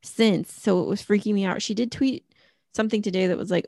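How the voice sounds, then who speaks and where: A woman's voice: mid-range voice, lively intonation, fast talker, creaky, darkish tone, dry recording, clean studio sound. A middle-aged woman co-hosting a podcast, chatting casually and rambling with lots of fillers. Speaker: podcast co-host. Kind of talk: casual chat.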